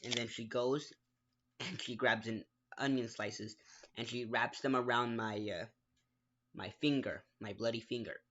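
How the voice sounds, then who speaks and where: A man's voice: medium pitch, steady tone, unhurried, fairly bright tone, dull audio. A man telling a personal story in a casual, rambling way, restarting sentences, making his own mouth sound effects and often apologizing. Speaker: gaming vlogger.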